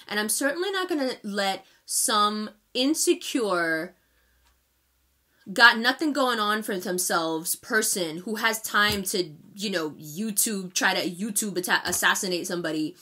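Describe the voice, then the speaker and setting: A woman's voice: medium pitch, lively intonation, unhurried, bright, forceful tone. A woman in her thirties giving a tarot reading straight to her viewers, speaking with emphatic, impassioned directness. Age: 30s. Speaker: tarot reader. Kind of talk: direct-to-camera monthly reading.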